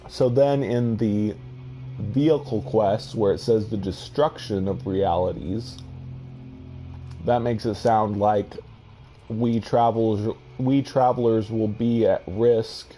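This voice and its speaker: A man's voice: fairly low pitch, dark tone. A man giving musing, hesitant commentary over his own space exploration gameplay, trailing off and restarting his thoughts. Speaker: game video host.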